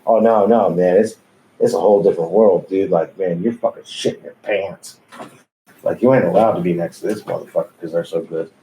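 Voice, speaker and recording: A low-pitched man with a dark, mellow voice spins profane, laid-back tales of his tattoo career. He laughs often, and a soft hum of room sound sits faintly behind him. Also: fairly quick, poor audio. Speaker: tattoo artist and guest. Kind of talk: casual storytelling. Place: tattoo shop.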